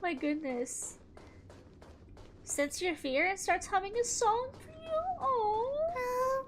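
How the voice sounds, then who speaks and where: Giggly young woman, super high pitch, slow talker, gushes over a game. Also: a little hiss or hum. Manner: giggly, excitable, gushing. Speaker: gaming streamer. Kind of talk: casual let's-play chat. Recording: commentary over game music.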